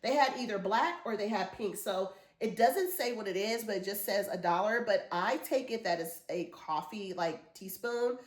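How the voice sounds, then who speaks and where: A woman in her forties, a haul vlogger, rambles happily through her shopping finds in an echoey room. Her voice sits mid-range, she talks at a moderate pace, and she barely pauses.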